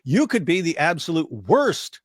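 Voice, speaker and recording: A man's voice: a little high, very animated, measured pace, dry recording, studio quality. A man co-hosting a casual reaction stream, arguing emphatically with frequent restarts. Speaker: stream co-host.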